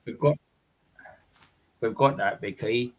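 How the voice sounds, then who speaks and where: A man's voice: medium pitch, slow. Rambling man hosting a casual stream. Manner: rambling, repeats himself. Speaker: livestream host. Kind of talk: casual chat. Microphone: home computer mic.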